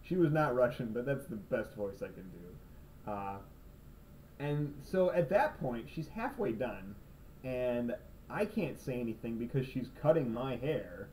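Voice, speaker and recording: A man's voice: mid-range voice, expressive, unhurried, mellow, distant mic, poor audio. A young man rambles through a sarcastic, self-mocking comic vlog monologue in his room at night. He sits a little back from a cheap camera's built-in mic, with faint room noise behind him. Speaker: video blogger.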